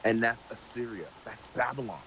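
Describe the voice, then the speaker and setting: A man hosting a casual group Bible study, talking in an animated way with everyday parallels. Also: mid-range voice, moderate pace, slight background noise, rough recording. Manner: animated, draws everyday parallels, many fillers.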